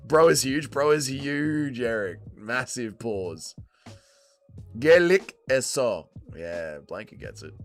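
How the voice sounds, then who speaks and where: A man commentating a fight live for his stream, crude and loose, swearing constantly as he talks to chat. His pitch swings up and down a lot. Faint music plays under him. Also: expressive, takes it slowly. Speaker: livestream host. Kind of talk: casual fight watch-along commentary.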